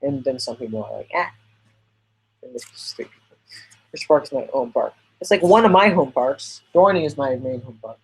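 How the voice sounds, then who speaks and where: A man's voice: mid-range voice, animated, fairly quick, hardly any pauses, breathy edge, rough recording. A man hosting a casual livestream podcast, rambling and chatty as he answers viewers' questions. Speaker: podcast host reading live chat.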